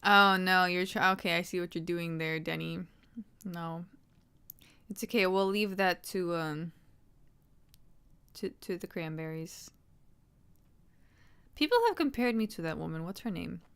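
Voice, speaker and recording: A woman's voice: fairly low pitch, measured pace, gravelly, pauses often, fairly bright tone, clear, resonant tone. A young adult woman chatting casually on a livestream, rambling and swearing freely.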